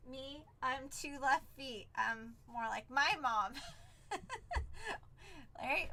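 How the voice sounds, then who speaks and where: A woman chats away as a stream host, bubbly and quick to act out everyone's lines. Her voice sits high and bright. She sounds like she's talking to friends. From San Diego, Southern California. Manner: bubbly, chatty storyteller who acts out quotes. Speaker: livestream card break host. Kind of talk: casual live-stream chat.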